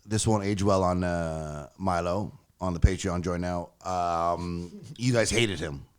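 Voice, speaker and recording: A man's voice: low-pitched, a little slow, clear, resonant tone. A man co-hosting a podcast, telling about his week in a loose, rambling way full of "uh"s. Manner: rambling, filler-heavy storytelling. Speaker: podcast co-host. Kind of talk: casual chat.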